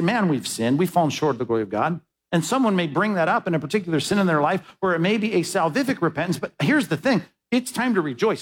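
A man's voice: fairly high pitch, low-quality recording. A male pastor giving a sermon, telling a story and rising into emphatic exhortation.

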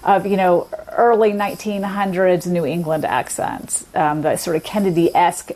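A woman guest explaining the history of accents in a measured, academic way during an interview. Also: fairly low pitch, fairly even intonation, warm tone. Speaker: linguist guest.

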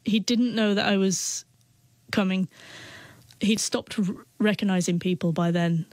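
A woman speaking as an interview guest, her words catching and repeating as she stutters through a heartfelt personal story. The voice sits at an ordinary middle pitch. It is recorded close and dry, with almost no room sound. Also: fairly even intonation, unhurried, a little mellow, no echo.

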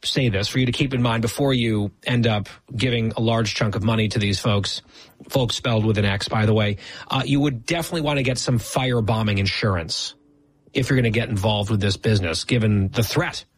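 Man, husky voice, sarcastic, teasing, casual co-host chat, dry sound. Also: fairly low pitch, brisk, dry recording. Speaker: podcast co-host. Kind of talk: casual banter.

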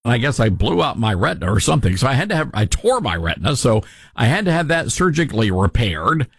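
Podcast guy rambling thru a story, voice jumps all over, kinda husky, dry room. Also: medium pitch, very animated, fast talker, no room sound. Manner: rambling, self-deprecating, repeats himself. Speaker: podcast host. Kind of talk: casual storytelling chat.

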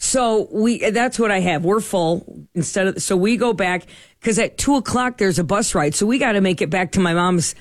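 Lively middle-aged woman telling stories. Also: mid-range voice, moderate pace, no room sound, studio quality. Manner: animated, acts out quoted dialogue. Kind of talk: casual storytelling chat.

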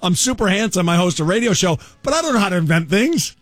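A man's voice: high voice, fast, no echo. A man co-hosting a radio show, telling a story in casual on-air banter and acting out the people he quotes. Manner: animated storyteller, acts out quotes in exaggerated voices. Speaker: radio co-host. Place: radio studio.

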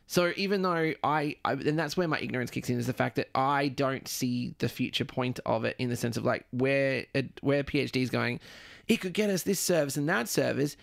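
Chatty Australian man with gravelly voice. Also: medium pitch, a little fast. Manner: chatty, self-mocking, giggly. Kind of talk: casual chat.

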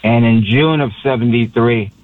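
A middle-aged Puerto Rican man joins a radio show as a guest in an emotional phone interview, speaking passionately and rambling with many restarts. His voice is medium-pitched at a normal speed, over a tinny phone line.

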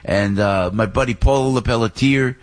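A man hosting a morning radio talk show, rambling and excitable as he reads a live ad and introduces a guest. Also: mid-range voice, normal speed. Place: radio studio.

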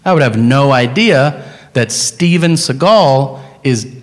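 A man doing a stand-up comedy set, profane and animated, telling stories with impressions. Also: mid-range voice, takes it slowly. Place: comedy club stage. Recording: live club recording with crowd. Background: audience laughter.

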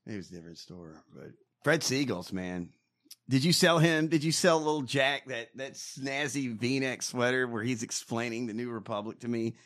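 A man co-hosting a political talk show, reacting loudly and swearing often. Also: mid-range voice, normal speed. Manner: loud, excitable, swearing, shouts and laughs at clips. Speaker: podcast co-host. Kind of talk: profane political banter.

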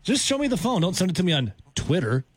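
A man's voice: sits high, big pitch swings, fast, slightly rough, no echo. A man hosting sports talk radio, teasing his co-hosts in a laid-back way.

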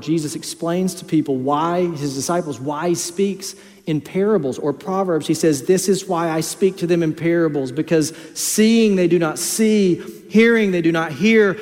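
Emphatic male pastor in a reverberant hall. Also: fairly high pitch. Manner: emphatic preaching, swings between quiet storytelling and loud exhortation. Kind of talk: sermon.

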